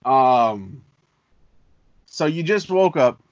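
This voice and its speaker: A man's voice: medium pitch, sing-song, very slow, no echo. A man hosting a casual podcast chat, talking in a loose, slangy, playful way. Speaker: podcast host. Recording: dry, muffled lo-fi audio.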